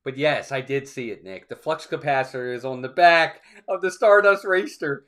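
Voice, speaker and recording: A man's voice: mid-range voice, normal speed, fairly bright tone. A man co-hosting a livestream, chatting casually and telling a rambling story, quoting people along the way. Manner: chatty storytelling, acts out ride motions and quotes. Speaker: co-host of a theme park livestream. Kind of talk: casual chat.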